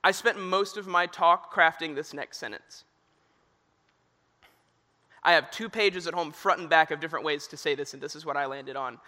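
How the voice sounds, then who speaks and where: Young guy preaching to teens, high bright voice, earnest with jokes, echoey hall. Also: normal speed, long pauses. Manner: earnest storytelling with humor. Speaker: youth minister. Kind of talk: sermon. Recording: reverberant hall.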